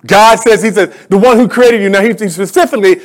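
A man preaching with a high, ringing voice. He leads the congregation in call and response and builds into emphatic, declaring lines, like a pastor in full sermon. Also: fast.

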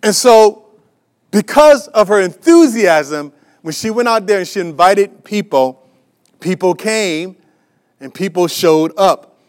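A man's voice: high-pitched, animated, a little slow. A man preaching a sermon as a pastor, emphatic and repetitive, with many restarts and fillers, asking the congregation rhetorical questions.

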